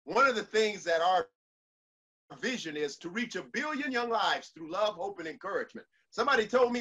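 A man's voice: high voice, lively intonation, brisk, bright, forceful tone, lo-fi sound. A man giving a motivational speech to an online audience, preacherly, repeating lines for emphasis and leading call-and-response. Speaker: motivational speaker.

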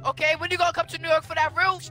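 A man playing a game online who boasts loudly and repeats his taunts at his opponent. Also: very high voice, little pitch movement, very fast, loud music behind the voice. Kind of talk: trash-talking gameplay banter.

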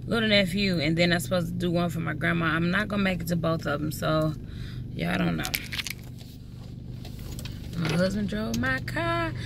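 A woman talks to her viewers in a loose, chatty way, dropping the odd curse word. Her voice sits a little low. It is recorded on a phone inside her car, with clear road and engine noise behind her. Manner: chatty, swears casually, talks straight to viewers. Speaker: vlogger. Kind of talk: casual vlog chat.

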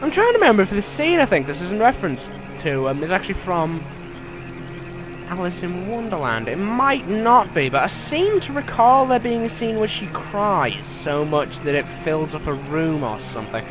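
A man's voice: high-pitched, big pitch swings, normal speed, over music, poor audio. A young man commentating a video game from his bedroom, sarcastic and sweary. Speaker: gamer. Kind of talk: let's play commentary. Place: bedroom at home.

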